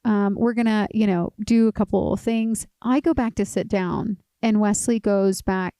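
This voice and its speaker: A woman's voice: mid-range voice, normal speed, smooth, no room sound. A woman co-hosting a podcast in casual chat, telling a story with animation and frequent laughter. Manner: animated storytelling, laughs often, acts out quoted voices. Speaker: podcast co-host.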